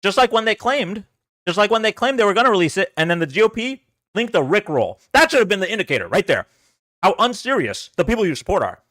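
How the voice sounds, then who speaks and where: A man with a high, lively voice argues with his livestream chat, sarcastic and exasperated. He repeats himself to press a point. The sound is dry and close. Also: fast talker, no room sound. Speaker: political livestream host. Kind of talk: casual livestream commentary to chat.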